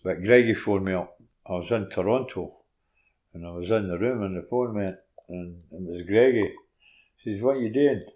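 An older man with a Scottish accent, a former footballer telling animated stories in a casual interview and acting out the dialogue. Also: deep voice, moderate pace, phone-quality sound. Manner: animated anecdotes, laughs while telling, drops into quoted dialogue.

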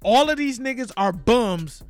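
Loud, animated man with a high voice. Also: unhurried, soft background music. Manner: loud, profane, animated, puts on voices for skits. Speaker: podcast co-host. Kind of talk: casual sports chat.

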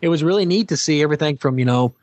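A man's voice: a little high, racing, a little mellow, no room sound. A middle-aged man, a former game show host, telling stories as an interview guest with many fillers and restarts. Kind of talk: casual interview anecdote.

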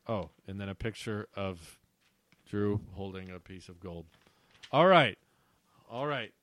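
A man's voice: mid-range voice, no echo. Chuckling man reading aloud, dry sound. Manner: reads aloud with amused asides and chuckles. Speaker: streamer reading his childhood books. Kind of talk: casual read-aloud stream.

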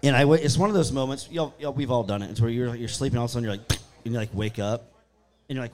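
Speaking very fast in a mid-range voice, a guest storyteller casually recounts ghost stories. He's animated throughout, acting out what people said.

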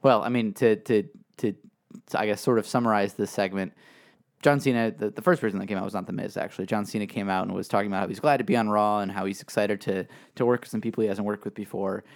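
Podcast co-host, male, low gravelly voice, loose hesitant delivery with lots of restarts. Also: steady tone, fast. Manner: rambling, hesitant, many restarts and fillers. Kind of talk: casual podcast chat.

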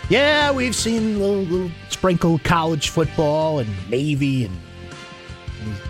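Animated sports radio host, lively pitch. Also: male voice, measured pace, faint music behind. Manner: animated, bursts into loud shouts then drops to whispers.

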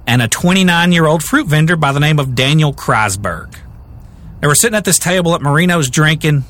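A young man retells a true crime story on a podcast. He talks casually and often restarts his sentences. His tone is bright and sharp, his pitch swings widely, and he sits a little higher than most men. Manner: animated, rambling, jokey, with many restarts.

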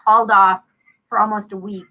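A middle-aged woman telling a story in casual chat, lively and acting out every line of dialogue. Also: medium pitch, a little fast, muffled recording. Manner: animated storyteller, acts out dialogue. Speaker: tarot reader and show co-host.

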